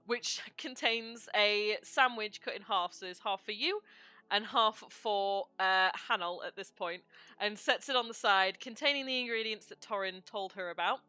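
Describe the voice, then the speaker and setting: A woman narrating a tabletop game as game master, describing scenes with unhurried pauses. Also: medium pitch, pushed and bright, clean tone, no echo.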